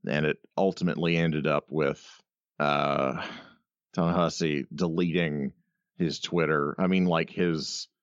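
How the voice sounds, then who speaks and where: A man with a very deep voice in casual podcast chat, wry and deadpan, who curses offhandedly and slips in puns. The recording is a bit dull and lo-fi, dry and close with no room sound. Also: measured pace, dry recording. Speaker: podcast co-host.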